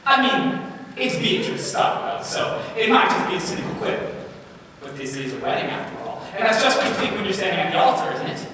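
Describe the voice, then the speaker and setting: A man's voice: high-pitched, sing-song, brisk, heavy reverb, in a large hall. Guy playing a rambly wistful middle-aged man talking to the crowd, far off mic, lots of audience noise. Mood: rueful. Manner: rambling, confiding, rueful. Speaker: stage actor. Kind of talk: live stage musical acting. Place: theatre stage.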